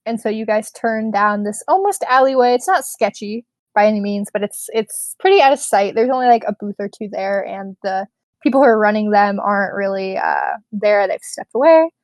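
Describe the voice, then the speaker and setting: A woman narrating as game master of a tabletop game, relaxed and rambling with many fillers. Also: mid-range voice, normal speed, no echo.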